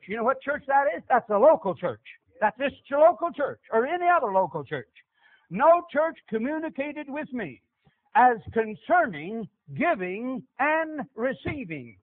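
A middle-aged man preaching a sermon, with an emphatic, repetitive cadence. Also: very high voice. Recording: tinny phone-like lo-fi audio.

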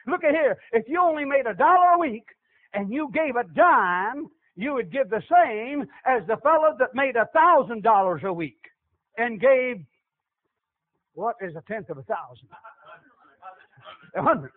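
A man preaching a sermon, calling out to the congregation with animated back-and-forth questions. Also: very high-pitched, normal speed. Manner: animated call-and-response preaching. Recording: tinny lo-fi radio broadcast.

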